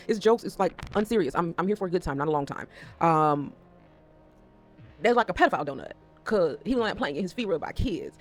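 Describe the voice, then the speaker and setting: A woman talking casually to camera as a vlogger, rambling and swearing as she jumps between topics. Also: on the low side.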